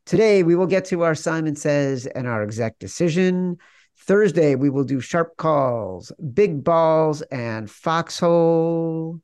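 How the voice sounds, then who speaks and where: A man's voice: a little high, expressive, a little mellow, clean tone, dry recording, studio quality. A man hosting a sports betting podcast, upbeat and jokey, running through promos and banter. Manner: upbeat, jokey, quick ad reads. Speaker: podcast host.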